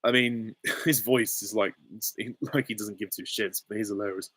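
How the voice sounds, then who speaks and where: A man's voice: lowish voice, steady tone, normal speed, a bit bright, breathy edge, no room sound. A man hosting a live stream Q and A, chatty, giggly and self-deprecating, on a close desk mic. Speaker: channel host answering viewer questions.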